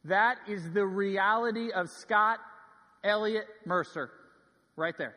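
A man in his thirties preaching a sermon, telling stories earnestly and swinging from ringing emphasis to hushed asides, in a large church sanctuary. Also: sits high, takes it slowly. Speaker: pastor. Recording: long reverb of a large hall.

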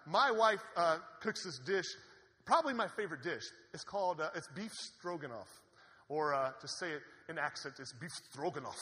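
A man preaching a sermon in an animated, conversational way, with asides to the congregation. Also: a little high, normal speed. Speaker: pastor. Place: church sanctuary. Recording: long hall reverb.

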